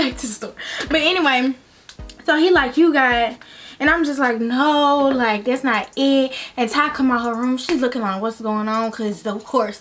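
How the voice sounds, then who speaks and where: A young woman tells a storytime to her viewers in a casual vlog. Her voice sits a little high, and she talks in loose slang with plenty of drama, calling out to her audience as she goes. Soft music plays faintly behind her. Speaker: vlogger.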